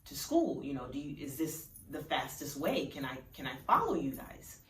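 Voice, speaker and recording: A woman's voice: low-pitched, big pitch swings, moderate pace, pitched below the performer's own voice. A woman voicing a kind, humble young woman student who speaks politely. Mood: friendly. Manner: polite, gentle. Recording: roomy, distant mic.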